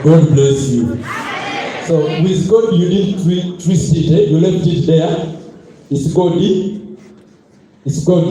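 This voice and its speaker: A man with a Zambian accent hosting a motivational event on stage, energetic and playful as he calls on the audience to respond. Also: fairly high pitch, slow, long pauses, slight background noise. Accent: Zambian English. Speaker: event host. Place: large hall with a live crowd. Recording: echoey hall with crowd.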